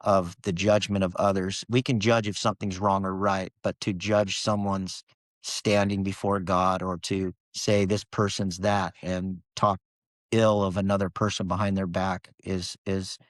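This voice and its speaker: A man's voice: low voice, level tone, unhurried, no echo. A man as a podcast guest, telling a personal story in an earnest, emotional way with many restarts.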